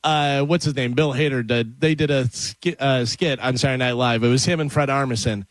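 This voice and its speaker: A man's voice: medium pitch, fairly even intonation, fairly quick, dry recording. A man co-hosting a radio show, reading odd news items aloud with lots of fillers in a chatty way. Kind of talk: casual radio banter. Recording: dry.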